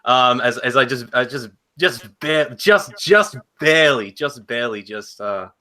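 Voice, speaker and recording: A man's voice: mid-range voice, animated, a little slow, bright, forceful tone. A man playing a tabletop role-playing game, narrating his character in the first person and stammering through repeated words. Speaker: player. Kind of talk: tabletop role-play chat.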